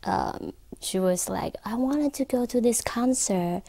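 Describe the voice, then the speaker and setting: A woman, an accessory designer, telling a story as an interview guest in a filming studio. Her English is halting and full of fillers. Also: a little high, gravelly, mellow, no echo. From Taiwan. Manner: halting non-native English with frequent fillers.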